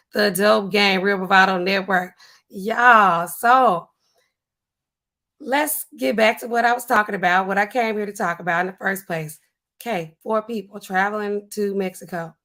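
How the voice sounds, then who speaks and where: A talkative young American woman hosting a livestream. She chats loosely and speaks straight to her viewers in a relaxed, everyday way. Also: mid-range voice. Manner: chatty, addresses viewers directly. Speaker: livestream host. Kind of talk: casual livestream talk.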